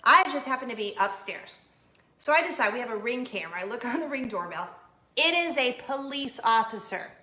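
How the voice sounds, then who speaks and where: Thirties woman, casual storyteller, a bit high, animated, roomy sound. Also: a little fast. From not from Florida. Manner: animated, acts out quoted voices, laughs. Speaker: homeschooling mom telling a story.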